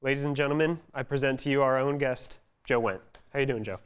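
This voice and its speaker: A man's voice: medium pitch, fast talker, smooth. A young man hosting a student talk show, upbeat, with scripted intros and questions. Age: young adult.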